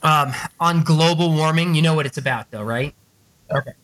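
A man's voice: fairly high pitch, moderate pace, a bit bright. A man coaching authors on the business behind their books, telling stories with lots of swearing and acting out the people he quotes. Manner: swears freely, acts out quoted people in a raised voice. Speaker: book business coach speaking to a group. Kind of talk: animated, profane storytelling talk.

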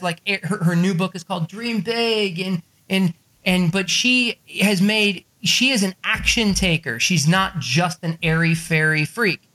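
A middle-aged man, an author and book coach, talking fast and excitably in a podcast interview, swearing and joking as he pitches. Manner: excitable, profane, jokey, salesy. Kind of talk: energetic podcast interview talk.

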